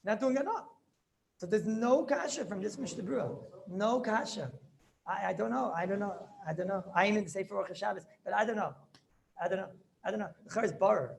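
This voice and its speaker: Gravelly rabbi teaching with Yeshivish lilt. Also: male voice, high voice, fairly quick. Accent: Yeshivish English. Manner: storytelling, repeats phrases, asks students questions. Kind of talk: animated Torah class with Yiddish and Hebrew terms.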